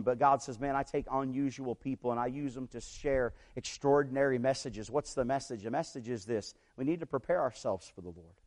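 A man's voice: medium pitch, a little mellow. A man preaching a sermon, telling a story in a conversational way and checking in with the congregation. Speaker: pastor.

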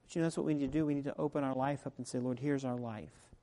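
A man preaching a sermon as pastor, talking in a conversational way that drops to quiet asides and rises to loud, emphatic peaks. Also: a little high, flat delivery, rapid-fire. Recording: long reverb of a large hall.

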